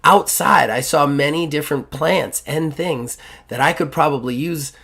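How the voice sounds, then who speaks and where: A man's voice: fairly high pitch, moderate pace, vocal fry, a bit bright, voice pushed up. A man playing a curious, tea-loving woman baker. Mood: enthusiastic. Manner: enthusiastic, rambling, full of fillers.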